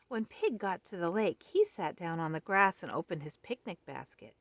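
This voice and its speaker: A woman reading a children's picture book aloud in a gentle, friendly way. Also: on the low side, very animated, normal speed, hardly any pauses, no room sound. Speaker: storybook reader.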